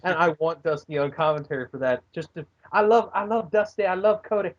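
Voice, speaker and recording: A man's voice: high-pitched, animated, brisk, muffled recording. A man co-hosting a casual podcast, rambling through a wrestling recap with filler words and goofy voices.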